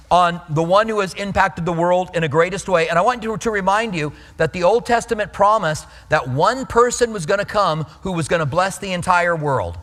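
Bright-voiced preacher in a reverberant hall. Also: male voice, on the high side. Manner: earnest storytelling, repeats words when starting lines. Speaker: pastor. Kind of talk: sermon. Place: church sanctuary.

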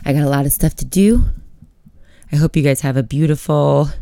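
Candid young woman podcaster, smooth voice. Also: sits low, brisk, mellow, dry recording, clean studio sound. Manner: candid, swears freely, motivational. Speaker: podcast host. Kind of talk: casual solo podcast talk.

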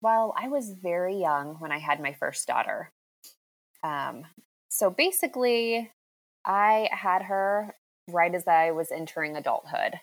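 A young adult woman, a guest on a podcast, answering in a relaxed, unhurried way. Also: lowish voice, poor audio. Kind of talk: casual interview answers.

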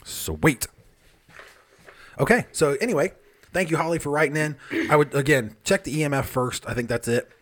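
A man hosts a paranormal podcast, reading listener emails in a loose, joking way, swearing freely and sipping beer as he talks. His voice is on the high side and a bit bright, at a moderate pace with long pauses.

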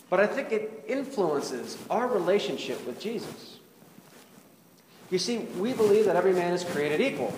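A male pastor with a high voice preaches a sermon conversationally, often putting questions to his congregation. The recording, made in an echoey hall with faint ambience, carries a little hiss or hum.

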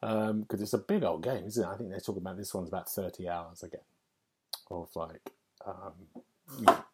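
A man's voice: sits low, steady tone, a little fast, heavy background noise. A man hosting a casual gaming podcast chat, rambling with lots of fillers and restarts. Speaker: podcast host.

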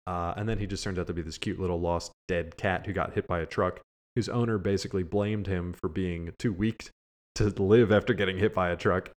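A man's voice: deep voice, fairly even intonation, a little fast. A man co-hosting a casual podcast, blunt and crude, dismissive in his reviews. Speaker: podcast co-host. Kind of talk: casual chat reviewing a cartoon.

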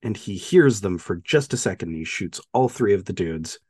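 Low-voiced man, lively podcast recap. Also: moderate pace, breathy edge. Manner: animated plot recapping, lots of "like" and "uh". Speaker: podcast co-host. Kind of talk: casual film discussion.

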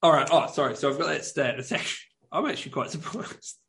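A man's voice: fairly high pitch, animated, fast talker, gravelly, a bit bright. A man with a New Zealand accent co-hosting a podcast, telling a rambling story full of fillers and restarts. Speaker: podcast co-host. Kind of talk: casual chat.

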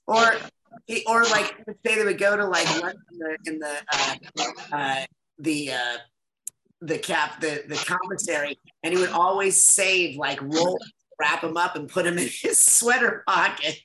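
A man guest-starring in a casual interview, telling animated stories and laughing often. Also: sits high, moderate pace, slight background noise, rough recording. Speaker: voice actor guest.

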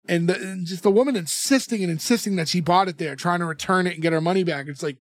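A man's voice: sits high, quick pace, dry recording. A man co-hosting a podcast, recapping a show in rambling casual chat with lots of fillers and restarts. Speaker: podcast co-host.

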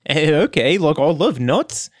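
A goofy man at a tabletop game, rambling in a fairly high voice that swings up and down. The sound is dry and close, and his lines are packed with fillers. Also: very animated, measured pace, no room sound. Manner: goofy, filler-heavy, lots of 'like'. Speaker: player.

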